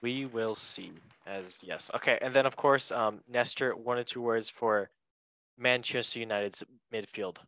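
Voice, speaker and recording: A man's voice: mid-range voice, steady tone, moderate pace, a bit bright, no room sound. Guy hosting a football chat podcast, jokey and rambly, dry close sound. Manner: joking, rambling, quizzes each guest in turn. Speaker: podcast host. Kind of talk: casual chat.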